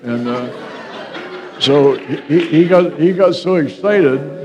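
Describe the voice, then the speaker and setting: Older man, unhurried folksy storyteller, roomy hall, dull lo-fi sound; cast for a rambling local history talk. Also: on the high side, warm tone. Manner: folksy, chuckling, full of restarts and "anyhow". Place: library meeting room.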